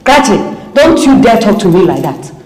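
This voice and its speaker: A woman acting in a comedy skit, scolding and bossing people around in an animated way. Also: mid-range voice, normal speed. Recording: echoey room with music behind.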